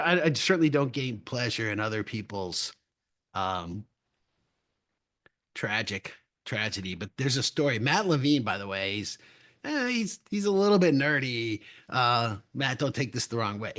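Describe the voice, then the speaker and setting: A man's voice: medium pitch, fairly bright tone. A middle-aged man co-hosting a trading podcast, telling rambling anecdotes in casual chat with frequent restarts and chuckles. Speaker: podcast co-host.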